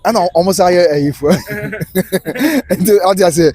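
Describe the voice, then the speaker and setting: A man with a Ghanaian accent giving casual live football commentary, switching between Twi and English in animated rants. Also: high-pitched, unhurried, low-quality recording.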